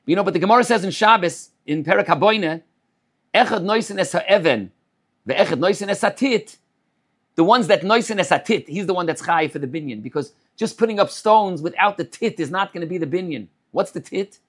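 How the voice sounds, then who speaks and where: A man giving a Torah sermon as a rabbi. He speaks in a measured way, repeats phrases and weaves in Hebrew terms. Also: high-pitched, expressive.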